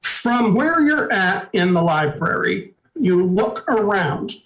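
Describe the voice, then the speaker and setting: A man narrating a tabletop game as storyteller, in a measured, descriptive way. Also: high-pitched, very animated, a bit bright, lo-fi sound. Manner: measured, descriptive, apologetic asides.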